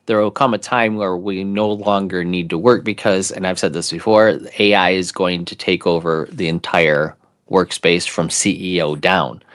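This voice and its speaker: A man's voice: low-pitched, steady tone, moderate pace, a bit bright. A man co-hosting an investing show, chatting casually and rambling through his theories. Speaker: co-host. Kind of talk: casual chat.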